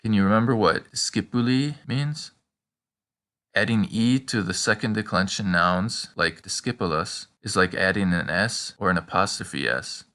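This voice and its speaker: Male teacher for a scripted lesson, bright and forceful tone, slows down for the examples. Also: lowish voice. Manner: prompting the listener with questions and pauses. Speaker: language teacher.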